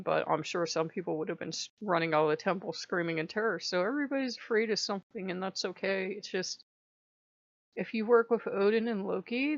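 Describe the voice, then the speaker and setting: A woman vlogger chatting casually and laughing as she retells stories in an animated way. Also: medium pitch, gravelly, dry recording, dull audio. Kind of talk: casual chat.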